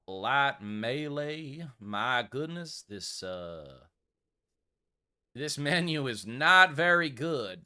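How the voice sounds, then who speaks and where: A man's voice: mid-range voice, very animated, extremely slow, sharp tone, clean tone. A man giving casual gameplay commentary while role-playing a polite old-west shopkeeper in a put-on regal accent. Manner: role-plays a polite old-west shopkeeper, addressing customers as sir and ma'am. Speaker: streamer playing a shop game.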